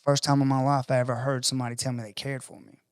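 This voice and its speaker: A man's voice: medium pitch, fast talker, clean tone, dry recording, clean studio sound. A man telling a personal story in a casual conversation, acting out other people's voices and swearing freely. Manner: animated storyteller acting out quoted voices, profane. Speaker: podcast guest.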